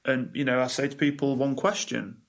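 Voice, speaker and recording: A man speaking as a life coach guest on a podcast interview, telling stories in a lively, direct way. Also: mid-range voice. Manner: animated storytelling, quick asides and laughs.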